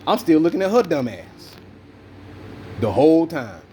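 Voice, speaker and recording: A man from the telling a personal story in casual, profane, animated chat. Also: measured pace, slight background noise, poor audio. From Southern United States. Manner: animated, profane, jumps into high voices when quoting himself. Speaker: podcast host.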